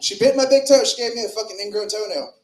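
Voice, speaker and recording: A man's voice: sits high, fast. A man doing a crude, rambling open mic stand-up set in a comedy club, speaking into a stage mic with filler words and swings in volume. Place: comedy club with live audience. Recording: roomy club echo.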